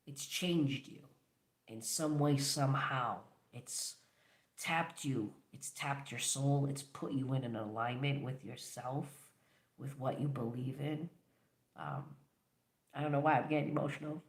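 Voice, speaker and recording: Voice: medium pitch, slow pace, echoey room. A tarot reader giving a collective reading, talking straight to the viewer in an encouraging, affirming way.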